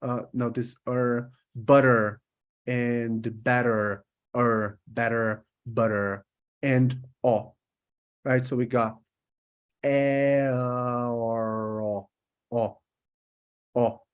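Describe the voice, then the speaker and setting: A man from Brazil talks through English vowel sounds at an unhurried, deliberate pace. His pitch sits in a middle range for a man. He stretches each vowel out to show it and keeps asking whether his listeners follow. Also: steady tone. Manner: slow, demonstrative, holds out vowel sounds; checks in often with "right?". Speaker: English pronunciation teacher. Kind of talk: recorded lesson.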